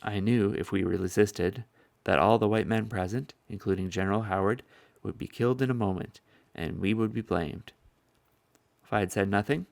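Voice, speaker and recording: A man narrating a historical first-person account in a measured, solemn way, with a gravelly voice. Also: lowish voice, no room sound. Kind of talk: solemn reading of a historical speech.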